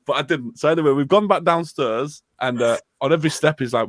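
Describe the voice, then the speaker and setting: A man's voice: medium pitch, fast, few pauses, dry recording, clean studio sound. A young man hosting a live stream, telling a story in casual chat, laughing and swearing as he goes. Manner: laughs often through his story, swears freely.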